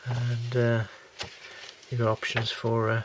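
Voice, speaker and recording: A man's voice: mid-range voice, completely flat delivery, slow pace, noisy background. A man rambling through a model kit unboxing with many fillers and restarts, getting over a cold. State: has a lingering cold. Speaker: scale model kit reviewer. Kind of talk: casual unboxing commentary.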